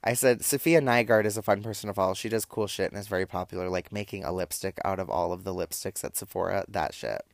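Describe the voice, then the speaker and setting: A man's voice: deep voice, fast, gravelly, few pauses, dry recording. A young man casually recapping and reading out text messages, with wry, campy asides. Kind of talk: casual storytelling, reading out texts.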